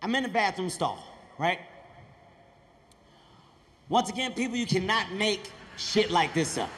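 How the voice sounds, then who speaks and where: A man telling animated stand-up stories on stage, acting out voices and shouting. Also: sits high, measured pace, slight background noise. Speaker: stand-up comedian. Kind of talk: stand-up comedy storytelling. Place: large theater stage with audience.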